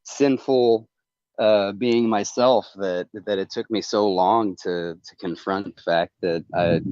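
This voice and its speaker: A man with a very deep voice talks on a livestream call, earnest and confessional, stopping and restarting his sentences as he rambles on. The sound is dull and lo-fi, and dry. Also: no echo. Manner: halting and rambling, many restarts. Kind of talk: casual chat on a livestream call.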